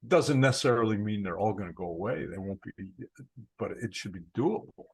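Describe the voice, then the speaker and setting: A low, gravelly male voice with a husky edge, talking casually about spiritual practice. He tells stories in a loose, conversational way and often repeats words as he thinks. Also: lively intonation, a little fast, low-quality recording. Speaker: spiritual teacher.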